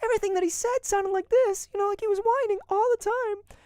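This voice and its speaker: A man's voice: steady tone, fast talker, darkish tone, no echo, clean studio sound. A man with a congested cold voicing a whiny boy anime hero who complains about everything. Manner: nasal whining, high-pitched.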